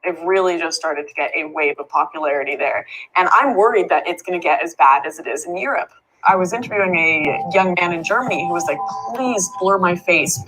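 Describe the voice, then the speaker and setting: A woman's voice: fairly low pitch, fairly quick, fairly bright tone, slight background noise, poor audio. A young woman answering interview questions in an earnest, worried way. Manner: earnest, worried, talks with fillers like "like".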